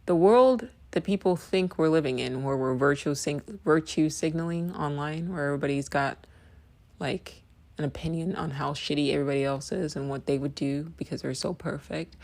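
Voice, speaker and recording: A woman's voice: sits low, moderate pace, darkish tone. A woman hosting a podcast who talks bluntly, repeats her points for emphasis and keeps checking in with "right?". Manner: emphatic, repeats phrases, asks "right?" often; blunt, swears freely. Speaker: podcast host. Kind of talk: casual opinion monologue.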